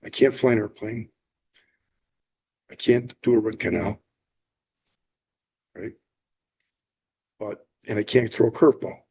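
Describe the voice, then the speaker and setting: A man's voice: on the low side, measured pace, pauses often, warm tone, slightly rough. A man who is a funeral director, talking as an interview guest in a plainspoken, earnest way. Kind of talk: casual interview.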